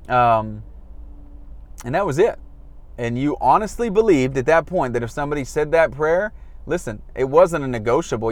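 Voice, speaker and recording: A man talking candidly in a car stuck in traffic, looking back on his days as a street evangelist and acting out the lines he used. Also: medium pitch. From Florida, US. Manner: candid, self-deprecating, acts out quoted dialogue. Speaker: former evangelist recounting his past. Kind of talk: casual reflective monologue.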